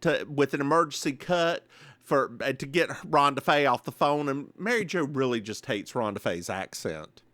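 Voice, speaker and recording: A man with a Southern US accent co-hosting a podcast, recapping a TV episode in casual chat with animated, sassy asides. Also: mid-range voice, normal speed, no echo. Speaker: podcast co-host.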